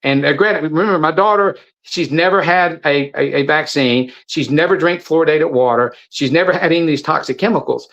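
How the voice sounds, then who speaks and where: A man's voice: on the high side, a little fast, hardly any pauses, fairly bright tone. Preachy middle-aged man, lo-fi audio. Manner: preachy, repetitive, stumbling restarts. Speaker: guest, supplement seller. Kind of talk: impassioned monologue.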